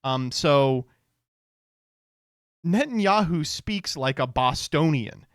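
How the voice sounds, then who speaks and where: Lively sardonic man streaming, smooth voice. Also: a little high, slow pace, dry recording, clean studio sound. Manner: sardonic, profane, laughs often. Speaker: streamer reacting to clips. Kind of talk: casual reaction commentary.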